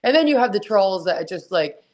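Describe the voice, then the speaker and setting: A woman's voice: medium pitch, very animated, a little fast, a little mellow. A woman guest, a wrestler and author, talking candidly and emotionally at home, swearing freely and speaking bluntly. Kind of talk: candid interview over a call. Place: at home with her dog nearby.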